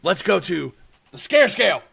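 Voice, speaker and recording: A man hosting a podcast, telling a story in casual chat with animated delivery and lots of swearing. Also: high voice, moderate pace, gravelly, slightly rough. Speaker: podcast host. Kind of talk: casual chat recapping a horror short.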